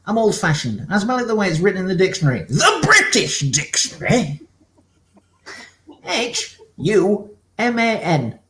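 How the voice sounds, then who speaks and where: Pompous man with wide pitch swings. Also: fairly bright tone, roomy sound. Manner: pompous, mock-patriotic, rambling. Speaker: improv panelist playing a pompous expert. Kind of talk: improvised comedy.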